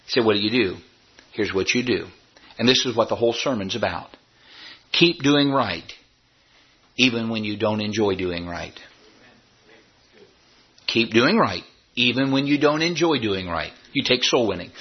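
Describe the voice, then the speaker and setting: Man, pastor, sermon, husky voice, wildly swinging pitch, dull lo-fi recording. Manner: emphatic preaching, rising high when voicing doubters.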